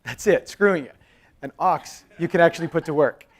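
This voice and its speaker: A man in his thirties speaks quickly on a conference stage. His talk is loose and conversational. He jokes with the audience as he tells his story. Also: a little high. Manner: animated storytelling, acts out quoted dialogue. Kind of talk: live conference presentation. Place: conference hall.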